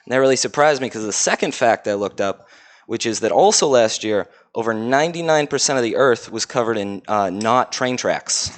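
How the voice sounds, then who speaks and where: A man's voice: mid-range voice, animated, brisk, slight background noise. A young man, a stand-up comedian delivering dry, matter-of-fact one-liners.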